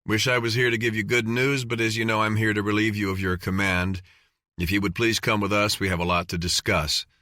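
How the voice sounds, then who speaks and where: A man's voice: on the low side, little pitch movement, fairly quick, pushed and bright, no echo. A man voicing a stern male military colonel who speaks in a dry, clipped, commanding way. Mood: curt.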